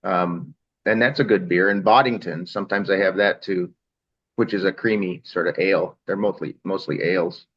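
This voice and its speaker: Low-voiced man with a dull, muffled recording. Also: steady tone, normal speed, breathy edge. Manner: informative, hesitant with fillers. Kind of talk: casual group chat. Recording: dull lo-fi sound.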